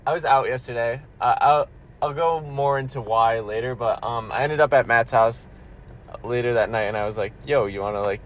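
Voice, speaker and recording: A man's voice: mid-range voice, normal speed. A young man co-hosting a podcast in casual chat, laughing often and telling stories with restarts. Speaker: podcast co-host.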